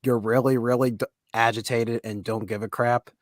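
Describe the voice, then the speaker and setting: A man's voice: mid-range voice, level tone, moderate pace, dry recording, clean studio sound. A man in a casual online group chat, telling a story in an amused way.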